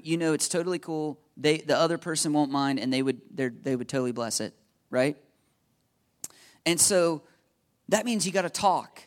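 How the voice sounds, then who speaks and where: High-voiced animated male preacher. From United States. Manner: animated, joking, keeps checking in with the crowd. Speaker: pastor. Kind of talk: sermon.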